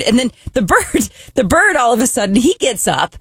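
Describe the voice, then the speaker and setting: A woman co-hosting a radio show, telling a funny family story in an animated way, often laughing and acting out the voices. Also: on the high side, moderate pace, few pauses, husky, no echo. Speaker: radio co-host.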